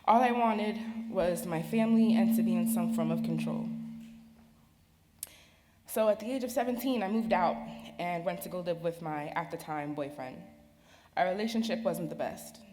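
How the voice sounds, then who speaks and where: A young woman reading a personal speech at an event, slow and earnest. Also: on the low side, a little mellow, a little hiss or hum. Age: young adult. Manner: slow, earnest, halting delivery. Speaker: speaker sharing her story. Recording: reverberant hall with faint ambience.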